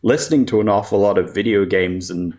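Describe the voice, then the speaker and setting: A man, a composer and voice actor, giving a casual presentation at a developer meetup, relaxed and self-deprecating, often laughing. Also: fairly low pitch, a little fast.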